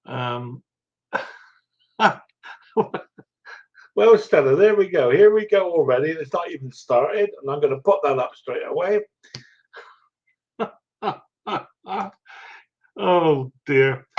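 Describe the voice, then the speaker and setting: An older man hosts a livestream in a mid-range voice, and the recording has its highs cut off. He greets viewers one at a time, rambling through casual, self-mocking chat and chuckling often.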